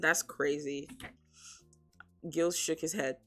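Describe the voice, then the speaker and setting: A woman's voice: low voice, unhurried, a bit bright, faint music behind. A young woman streamer reading a novel aloud on a sensitive desk mic, breaking off for chatty, laughing asides and casual swearing.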